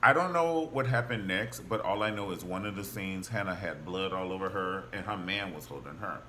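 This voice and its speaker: A man casually recapping a TV drama, gossipy and animated, acting out the characters' lines as he goes. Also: low voice, a little fast, a little hiss or hum. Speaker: TV show reviewer.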